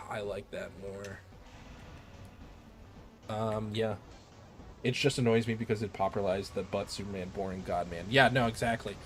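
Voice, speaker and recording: A man streaming a game, chatting casually in an excitable, rambling way and swearing freely. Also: lowish voice, moderate pace, pauses often, soft background music. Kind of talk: casual chat while gaming.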